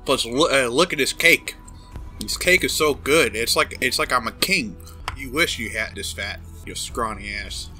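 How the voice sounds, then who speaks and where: A man's voice: mid-range voice, normal speed, bright, forceful tone, faint music behind. Man doing a crude gluttonous boss. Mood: smug. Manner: crude, boastful, smacking over cake. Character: gluttonous arrogant male corporate boss. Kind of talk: comedic fan dub of a game.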